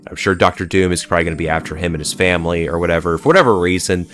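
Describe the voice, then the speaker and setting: A man with a low-sitting, fairly bright voice talks very fast in a solo pop culture video, rambling, cursing, and filling gaps with "like" and "uh."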